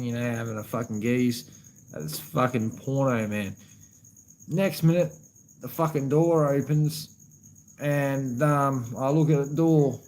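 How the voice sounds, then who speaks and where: Australian live-streamer, a man in the middle pitch range, loose and profane, addresses chat as brother. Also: darkish tone, poor audio. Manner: profane, rambling, calls viewers man and brother.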